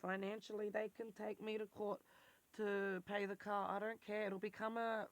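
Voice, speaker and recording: An Australian vlogger in their forties delivers a candid personal monologue, blunt, intense and rambling, swearing freely. Their worn voice stays fairly level in pitch at a normal speed but turns squeaky when they get worked up. The recording is dry.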